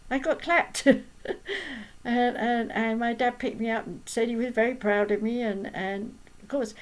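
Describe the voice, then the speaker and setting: A woman who works as a medium and healer talks casually, chatty and full of stories, tossing in rhetorical asides. Her fairly high voice has fairly even intonation and an unhurried pace, and the recording is rough.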